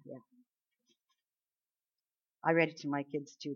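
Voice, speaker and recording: A woman preaching a sermon, talking casually with the congregation and swinging between hushed and emphatic. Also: low voice, level tone, a little slow, highs cut off.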